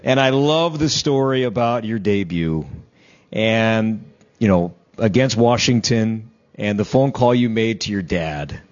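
A man's voice: lowish voice, animated, unhurried, muffled recording. A man hosting an interview, asking friendly leading questions and recapping the guest's stories. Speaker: broadcaster and interviewer.

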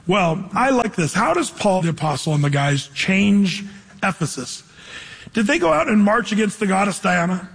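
A male pastor delivers a sermon, reading passages deliberately and then unpacking them in relaxed, slangy speech. His voice sits high and carries a husky edge. The sound rings with long reverb, as in a big hall. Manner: reads scripture slowly, then explains in casual slang.

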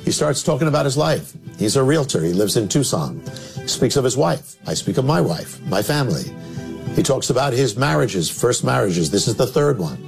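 A man who is a minister tells a story in a sermon, dramatic, with sudden drops to low, emphatic tones. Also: sing-song, normal speed, gravelly. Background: music.

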